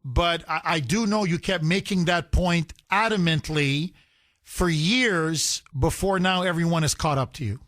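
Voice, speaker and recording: A man's voice: fairly high pitch, unhurried, a bit bright, no echo. A man hosting a call-in talk radio show, talking emphatically with sarcastic jabs. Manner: sarcastic, emphatic, mocking imitations.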